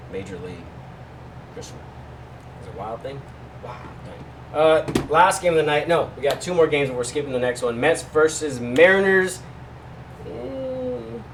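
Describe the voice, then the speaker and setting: A man's voice: mid-range voice, far from the mic, a little hiss or hum, low-quality recording. A man hosting a casual betting picks vlog, talking loosely with jokey asides to his viewers. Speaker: sports betting host.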